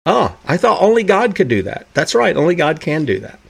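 Guy preaching a sermon, kinda high voice, keeps asking questions and acting out bible scenes. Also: big pitch swings, fairly quick, gravelly, slightly rough. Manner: rhetorical questions, acts out the characters in the stories he tells.

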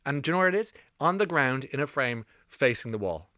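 A middle-aged man hosting a radio show, telling rambling stories with quick asides into a studio mic. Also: mid-range voice, very animated, sharp tone, no room sound. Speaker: radio host. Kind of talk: casual radio chat. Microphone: broadcast studio mic.

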